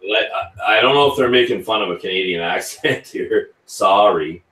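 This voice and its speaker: This whisky channel host speaks briskly in a lowish, bright, forceful voice while running a casual live chat and reading out viewers' comments. The mic is set well back, giving a roomy, distant sound.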